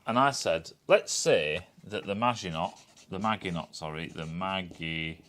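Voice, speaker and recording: A man's voice: low-pitched, moderate pace, a bit bright, slight background noise. A man giving a casual, rambling and scornful review, swearing often and restarting his sentences. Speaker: TV critic.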